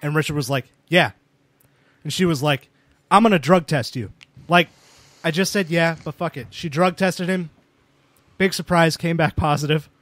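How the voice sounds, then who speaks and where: A man's voice: on the high side, steady tone, moderate pace, long pauses, a bit bright, no room sound. A young man casually telling rambling anecdotes with lots of fillers as a podcast co-host. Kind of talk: casual storytelling chat.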